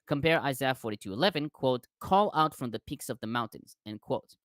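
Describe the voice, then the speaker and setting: A man's voice: medium pitch, fairly quick, no echo, clean studio sound. A man hosting a discussion, carefully reading out scholarly commentary. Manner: careful reading with lively intonation.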